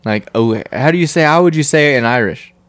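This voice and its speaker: A young man in relaxed banter, his pitch rising and falling freely as he cracks irreverent jokes. The sound is dry and close, with frequent laughter. He talks like a laid-back co-host. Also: a little fast, dry recording. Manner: joking, irreverent, laughs often. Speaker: podcast co-host. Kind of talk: casual chat.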